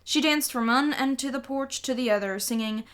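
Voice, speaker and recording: A woman reading a children's novel aloud in a lively storytelling way. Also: sits high, normal speed, clean tone. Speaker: audiobook reader.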